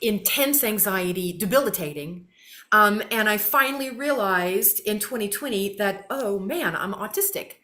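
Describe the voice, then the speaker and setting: A woman, a talk show guest chatting casually, animated and swearing freely. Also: medium pitch, moderate pace. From Mississippi, US. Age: 50s. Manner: animated, swears freely, addresses listeners as y'all.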